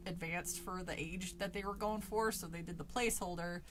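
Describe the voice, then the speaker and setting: A woman's voice: lowish voice, steady tone, a little fast. Sarcastic young woman streamer. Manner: sarcastic, swears, laughs often. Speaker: streamer reading a book. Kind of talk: casual live-stream commentary.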